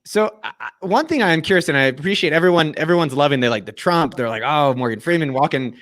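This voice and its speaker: A man's voice: a little high, expressive, fast, fairly bright tone. A man in his thirties hosting a casual online chat, upbeat and slangy. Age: 30s. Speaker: host. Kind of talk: casual video-call chat.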